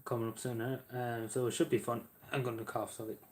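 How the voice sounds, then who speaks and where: A man with an Irish accent chatting casually with viewers on a live stream, halting and rambling with many fillers, often apologizing. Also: mid-range voice, little pitch movement, darkish tone.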